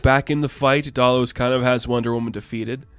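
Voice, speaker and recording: A man's voice: medium pitch, fairly even intonation, a little fast, clean tone, no echo, soft background music. A young man giving a casual, enthusiastic and rambling video review as the channel host. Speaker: comic book reviewer.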